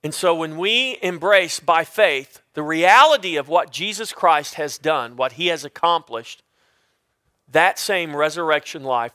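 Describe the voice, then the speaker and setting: A man's voice: on the high side, pushed and bright, dry recording, studio quality. A man preaching a sermon as pastor, rising and falling for emphasis and calling out to the congregation.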